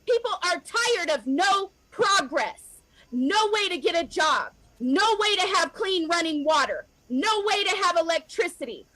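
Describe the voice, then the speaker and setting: Fiery high-voiced American woman ranting. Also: pushed and bright, low-quality recording. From United States. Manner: fiery, repetitive, addresses governments directly. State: emotional, near tears at times. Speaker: activist vlogger. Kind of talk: impassioned direct-to-camera rant.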